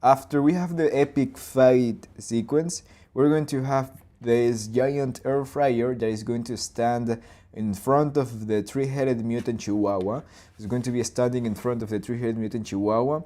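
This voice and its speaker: A man in his twenties or thirties hosting a live storyboarding session, talking loosely through his ideas, with restarts and boom and plop sound effects. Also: fairly even intonation, unhurried, mellow. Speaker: animator and channel host.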